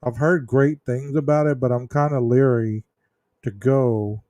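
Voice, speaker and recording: A man hosting a true crime livestream, chatting casually with viewers in a slow, rambling way full of ums and restarts. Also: medium pitch, fairly even intonation, darkish tone, no echo. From Texas. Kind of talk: casual livestream chat reading viewer comments.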